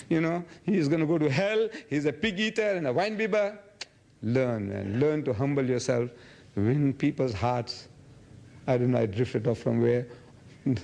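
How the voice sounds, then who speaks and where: A man in his seventies from Africa, answering audience questions in an animated lecture and acting out quoted dialogue. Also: fairly high pitch, gravelly, slight background noise. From South Africa. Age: 70s. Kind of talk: public lecture Q&A.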